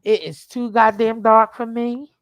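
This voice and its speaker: A woman telling a lively, profane story in casual chat, calling her listener "child". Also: fairly high pitch, measured pace, no echo, dull audio. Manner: animated storyteller, swears freely, calls listener "child". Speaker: streamer, co-host. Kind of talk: casual chat while crafting.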